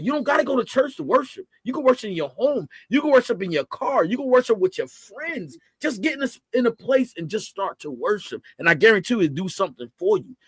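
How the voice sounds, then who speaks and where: A man hosting a casual faith talk, moving between quiet murmurs and loud, emphatic preacher-like bursts. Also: sits high, slightly rough, no echo. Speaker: podcast host.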